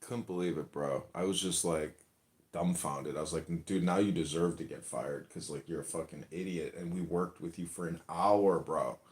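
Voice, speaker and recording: A man's voice: low voice, fairly even intonation, moderate pace, a little mellow. A man hosting a casual talk show, telling stories in a rambling, profane way and acting out quotes. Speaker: podcast host. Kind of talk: casual chat, storytelling. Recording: roomy echo.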